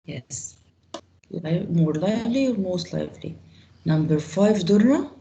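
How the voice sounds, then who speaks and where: Slow, gravelly teacher woman, lively pitch. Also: dull audio. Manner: slow, example-driven explaining, quick questions to students. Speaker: English grammar teacher. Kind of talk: online class teaching.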